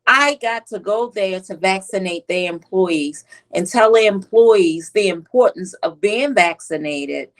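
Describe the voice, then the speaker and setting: Unhurried and with few pauses, a mid-range female voice comes through a low-quality recording. The speaker, a pediatric nurse and author with an East Coast US accent, is a guest sharing animated stories in an interview, voicing the children in them.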